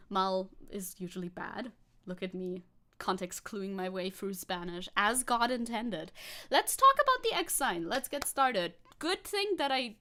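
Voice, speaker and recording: A woman streamer chatting casually on a live stream, sarcastic and quick to swear, with laughing asides. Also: fairly high pitch, fairly bright tone. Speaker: VTuber streamer.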